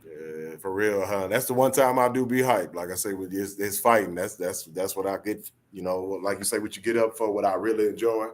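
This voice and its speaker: A man's voice: lowish voice, fairly quick, hardly any pauses. A man co-hosting a boxing talk show, chatting in a laid-back, rambling, slangy way. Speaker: boxing podcast co-host. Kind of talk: casual chat.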